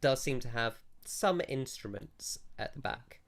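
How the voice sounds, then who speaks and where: A woman narrating as game master of a tabletop game, describing scenes in a relaxed, rambling way. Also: extremely low pitch, measured pace.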